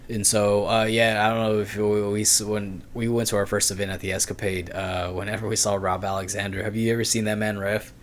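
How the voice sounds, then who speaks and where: A man's voice: on the low side, level tone, fairly quick, few pauses, slight background noise. A man co-hosting a podcast, chatting loosely and swearing freely as he tells fight stories. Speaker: podcast co-host. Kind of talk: casual interview chat.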